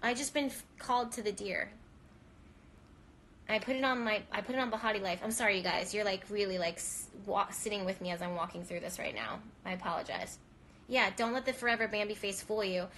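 In a mid-range, fairly bright voice, a woman talks fairly quickly with fairly even intonation over slight background noise. She's a spiritual reader hosting a live stream, weeping through an earnest, rambling monologue full of restarts, her voice shaking.

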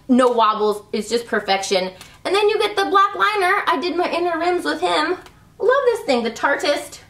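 In her thirties, this beauty vlogger gushes over her favorite beauty products, chatty and peppering everything with "like" and "love." Her pitch runs fairly high with a fairly bright tone. The mic is distant, giving a roomy, slightly off-mic sound.

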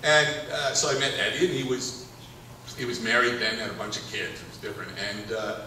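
A man's voice: lowish voice, brisk, background noise. Man, director at a live Q&A, rambling, laughing storyteller; distant, hall echo, crowd murmur. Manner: rambling, chuckling, animated storyteller. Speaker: film director telling stories on stage. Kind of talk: anecdotal Q&A storytelling. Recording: echoey hall, taped from far off in the audience. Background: audience laughter and room ambience.

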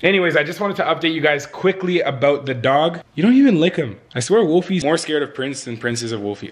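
A man's voice: on the high side, expressive, quick pace, few pauses. A young man chatting in a casual vlog, hyped and slangy, swearing now and then. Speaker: vlogger.

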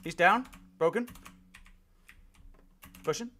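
This streamer's voice is high, bright and pushed, and he speaks slowly. He swears, talks trash and jokes with teammates during live shooter gameplay, laughing often.

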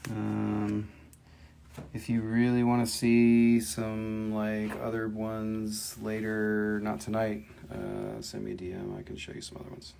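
Gravelly-voiced man selling crystals live. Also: on the low side, monotone, measured pace, warm tone, a little hiss or hum. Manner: chatty and joking. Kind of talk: casual live sales stream.

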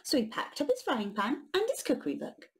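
A woman reading a children's picture book aloud, expressive and unhurried, with a breathy voice. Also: high-pitched, slight background noise. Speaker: children's storyteller.

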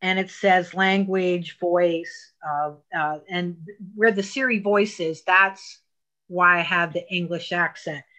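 A woman's voice: lowish voice, fairly even intonation, slow, pushed and bright. A woman teaching an online technology class, walking learners patiently step by step through phone settings with emphatic asides.

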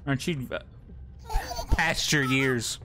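A man's voice: mid-range voice, slow, pushed and bright, slight background noise. A young man commentating a game, joking at an on-screen baby and yelping now and then. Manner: joking, talks to the baby, bursts into laughs and yelps. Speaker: gameplay commentator. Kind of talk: let's play commentary.

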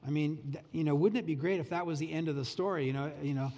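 A male pastor preaching a sermon in a folksy, animated way with casual asides. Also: a little high, fast talker, long reverb tail.

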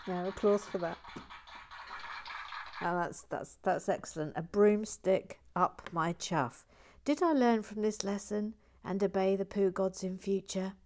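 A woman hosting a casual livestream, reading viewer comments in a playful, chatty way and dropping into quiet muttered asides. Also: medium pitch, a little slow. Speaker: livestream host building a toy set.

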